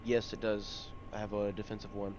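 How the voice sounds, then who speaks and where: A man's voice: lowish voice, monotone, brisk, muffled recording, background noise. Hesitant man playing a tabletop game over chat. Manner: hesitant, thinks aloud with fillers. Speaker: player.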